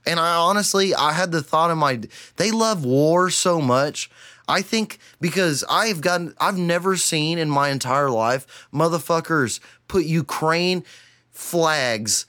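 A young man from Texas hosting a solo podcast, ranting with heavy swearing and then sinking into a tired, low murmur. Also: measured pace, pushed and bright. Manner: profane, heated ranting that cools to a weary murmur. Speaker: podcast host.

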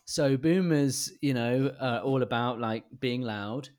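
A man's voice: medium pitch, slow pace, darkish tone. A man co-hosting a podcast, chatting casually in a wry, playful way and laughing often. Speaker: podcast co-host. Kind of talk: casual chat.

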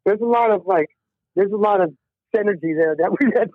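A man's voice: sits high, fairly quick, husky, dry recording. A male musician telling a rambling, heartfelt story in an interview, with many restarts. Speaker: musician guest. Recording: tinny phone line.

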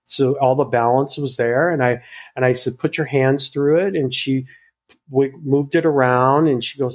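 A man's voice: medium pitch, moderate pace. A man, a hairstylist, telling a story casually in an interview and acting out both sides of the conversation, with many fillers and restarts. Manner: animated retelling that acts out both sides of a dialogue; frequent "you know" fillers and restarts.

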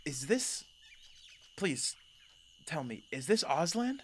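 A man's voice: a little high, very animated, slow, a little hiss or hum, pitched above the performer's own voice. A man voicing a humble woman traveler who speaks hesitantly and politely. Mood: pleading.

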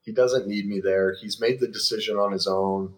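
A middle-aged man with a low-pitched voice tells a personal story as an interview guest. He is earnest and reflective, pausing and restarting as he goes. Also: fairly even intonation.

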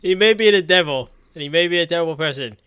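Male podcast co-host, bright crisp voice, quick jokes. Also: a little high, dry recording, studio quality. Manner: joking interjections. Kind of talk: casual chat.

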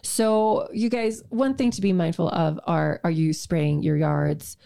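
A woman's voice: on the low side, fairly even intonation, measured pace, vocal fry, warm tone, smooth. Chatty sarcastic woman podcaster. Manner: chatty, sarcastic asides, frequent restarts. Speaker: podcast co-host, health practitioner. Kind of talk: casual podcast chat. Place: home podcast room.

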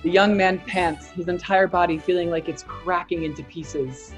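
Low-voiced woman narrating a reading. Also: steady tone, faint music behind. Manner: measured, storybook narration. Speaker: podcast co-host. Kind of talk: reading narration of a fan fiction.

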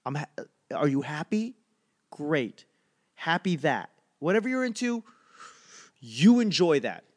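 A man doing a rambling, animated stand-up comedy monologue, ranting with frequent fillers. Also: on the high side, measured pace.

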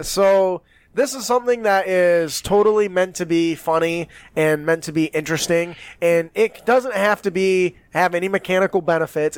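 A man's voice: fairly high pitch, clean tone, no room sound. A man hosting a podcast in laid-back, joking casual chat. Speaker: podcast host.

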